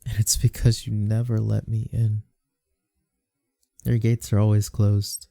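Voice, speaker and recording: A man voicing a gentle, devoted boyfriend in a whispered role-play, speaking in a soft, pleading and apologetic way. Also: fairly low pitch, level tone, unhurried, vocal fry, dry recording, clean studio sound. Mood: tender. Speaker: comforting boyfriend.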